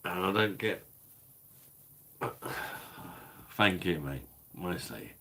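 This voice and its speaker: A deep-voiced man with a Cockney-Kentish accent, chatting to his live audience at an easy, slow pace. He swears freely and chuckles along as he talks. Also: expressive, gravelly, pushed and bright, breathy edge. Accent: Cockney-Kentish English. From London. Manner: laid-back, sweary, chuckling banter. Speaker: livestream host reading chat. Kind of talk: casual live chat.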